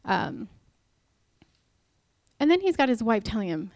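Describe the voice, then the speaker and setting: A woman's voice: on the high side, very animated, measured pace, pauses often, darkish tone, no echo. A married woman giving a casual devotional talk, chatty and self-deprecating, acting out the lines she quotes. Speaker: Bible study speaker.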